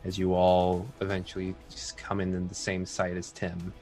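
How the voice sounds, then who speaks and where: A man running a tabletop game as dungeon master, describing scenes in a slow narrating voice and turning upbeat when chatting. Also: deep voice, completely flat delivery, a little mellow, soft background music.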